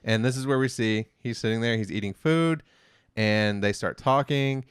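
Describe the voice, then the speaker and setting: Recorded dry in a clean studio, this co-host has a mid-range, clear and resonant voice at normal speed. He casually retells the episode's story in a rambling way, heavy on fillers, and delivers character quotes in a flat tone.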